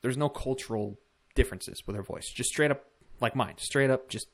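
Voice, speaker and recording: A man's voice: medium pitch, moderate pace, vocal fry. A man hosting a casual political commentary vlog, talking bluntly with swearing and rambling asides. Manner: blunt, profane, rambling with fillers.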